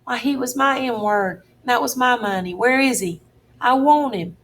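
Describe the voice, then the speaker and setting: A woman's voice: lowish voice, moderate pace, creaky, a little hiss or hum. A woman voicing a scared young runaway boy, pleading in a raised, tearful voice. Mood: upset, pleading.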